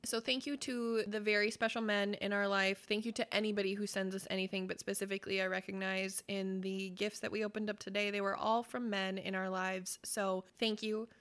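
A woman co-hosting a chatty podcast, her voice bright and ringing. She talks in an effusive, giggly way and swears freely. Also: mid-range voice, level tone, a little fast, hardly any pauses. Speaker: podcast co-host. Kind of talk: casual podcast chat.

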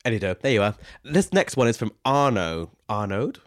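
Low-voiced man chatting on a podcast. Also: sing-song, normal speed. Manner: chatty, reads listener questions, laughs often. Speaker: podcast co-host. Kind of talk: casual chat.

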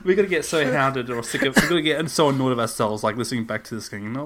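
A man co-hosting a casual podcast chat, calm and brief, mostly chiming in with short replies. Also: medium pitch, rapid-fire, slight background noise. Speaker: podcast co-host.

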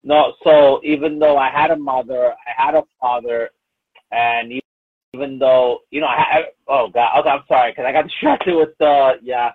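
A man's voice: mid-range voice, steady tone, a little slow, breathy edge, no echo. Emotional man on a tinny phone line. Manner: emotional, rambling, many fillers and restarts. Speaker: podcast host. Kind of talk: casual interview chat. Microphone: phone call. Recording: muffled phone-like call audio.

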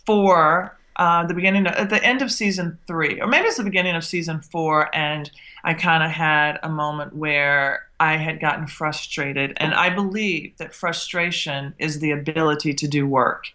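A middle-aged woman from the South, a guest who tells her stories in an animated way and acts out the exchanges she remembers. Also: low voice, normal speed, few pauses. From Southern United States. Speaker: guest, TV chef. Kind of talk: interview storytelling.

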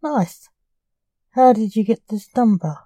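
A woman's voice: fairly high pitch, animated, takes it slowly, warm tone, dry recording. A woman reading the part of a famous male stage illusionist, defensive and nervous.

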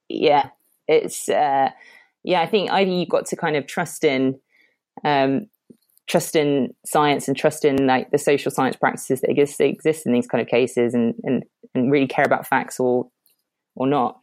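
A woman with a very low voice argues her case as a panel guest, opinionated and quick to gush with praise. She restarts her sentences often as her thoughts run ahead. The sound is dry and close. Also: fairly even intonation, a little mellow, no room sound. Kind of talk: casual panel discussion.

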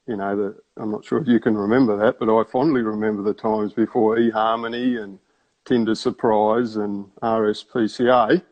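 A man's voice: fairly low pitch, level tone, moderate pace, lo-fi sound. A man, a stand-up comedian who starts his story with a wry, meandering build-up full of hesitations.

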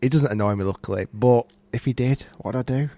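A man's voice: mid-range voice, fast, warm tone, no room sound. A man hosting a golf podcast, chatty and easily flustered, laughing often. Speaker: podcast host. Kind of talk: casual podcast chat.

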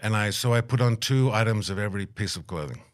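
A man's voice: fairly low pitch, fast talker. A middle-aged man telling a travel story in an interview, acting out quotes and laughing often. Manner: animated anecdote-teller, acts out quotes, laughs often. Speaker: guest, aid worker.

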